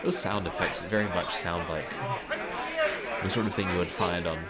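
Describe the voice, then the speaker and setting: A man's voice: low-pitched, steady tone, normal speed, over loud music, a loud crowd. A man casually commenting while playing an old game, with wry, musing asides.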